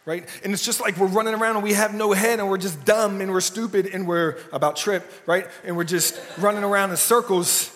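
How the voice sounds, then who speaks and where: Male pastor, casual and jokey, slightly high voice, long church reverb. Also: steady tone, brisk, few pauses, a bit bright. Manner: casual and jokey, often asks "right?". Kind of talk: conversational sermon. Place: church sanctuary.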